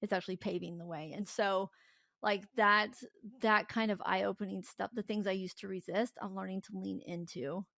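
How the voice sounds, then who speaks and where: A woman's voice: medium pitch, fairly even intonation, moderate pace, vocal fry, bright, forceful tone, no echo. A woman guest on a podcast interview, talking candidly and animatedly and laughing often. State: tearful. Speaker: podcast guest, company founder. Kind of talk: casual conversational interview.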